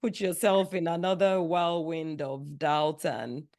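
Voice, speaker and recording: A woman's voice: on the low side, fairly even intonation, slow, a little mellow. A woman hosting a podcast interview, encouraging and affirming her guest. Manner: encouraging, affirming with short responses. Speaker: podcast host.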